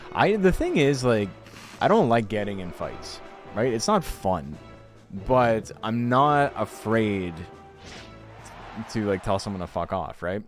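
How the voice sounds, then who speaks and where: A man's voice: on the low side, big pitch swings, takes it slowly, soft background music. A man, chatting loosely and swearing casually while commentating a game tournament on a stream. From Canada. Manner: loose and profane, laughing often.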